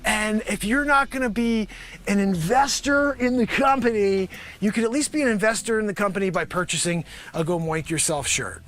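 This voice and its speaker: A man doing an improvised comedy monologue, rambling and animated, sometimes shouting. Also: high-pitched, normal speed. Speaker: comedian host. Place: home studio with green screen.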